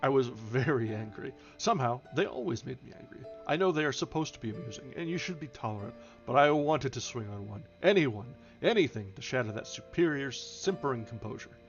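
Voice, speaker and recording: A man's voice: mid-range voice, animated, a little fast, hardly any pauses. A man reading a novel aloud on a live stream, with small slips and restarts and light changes of voice for the characters. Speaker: audiobook reader, streamer. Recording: slightly dull home stream audio with soft background music. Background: faint background music.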